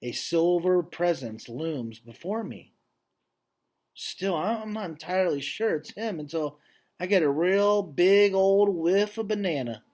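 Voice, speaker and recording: A man reading a children's novel aloud, voicing the dog narrator and pausing for casual asides. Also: sits high. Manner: lively, stops to chat about the story.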